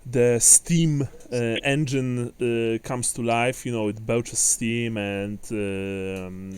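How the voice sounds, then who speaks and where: A man narrating a tabletop game as game master, English not his first language, often pausing to search for words. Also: medium pitch, steady tone, darkish tone, clean tone.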